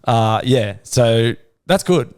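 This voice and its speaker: A man's voice: mid-range voice, animated, takes it slowly, a little mellow, smooth, dry recording, clean studio sound. An Australian man co-hosting a podcast, telling crude, joking stories in casual chat. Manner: crude, jokey storytelling, slips into silly voices. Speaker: podcast co-host.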